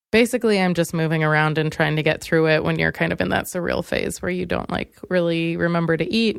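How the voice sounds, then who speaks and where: Young woman comic host, low-ish smooth voice, loose rambling profane storytelling, dry close mic. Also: dry recording. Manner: rambling, candid, profane, many fillers and restarts. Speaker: podcast host. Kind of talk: comedic storytelling monologue.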